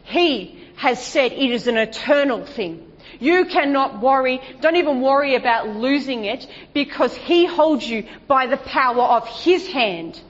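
A woman preaches a sermon in a high voice, pressing her points with rhetorical questions and sinking into hushed, lower passages. The sound is dull and lo-fi, carrying a long reverb from a large hall. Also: animated, unhurried. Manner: emphatic, rhetorical questions, shifts to hushed low delivery.

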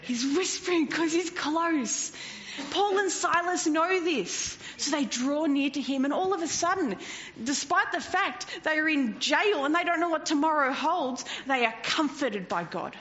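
A woman preaching a sermon in an animated way, swinging from loud to hushed and often laughing. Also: sits high, measured pace. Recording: dull lo-fi recording with faint noise.

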